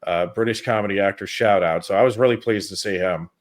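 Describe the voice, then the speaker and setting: A man's voice: fairly low pitch, fast talker. A man hosting a film review podcast, chatting casually in a rambling way with plenty of fillers. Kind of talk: casual chat.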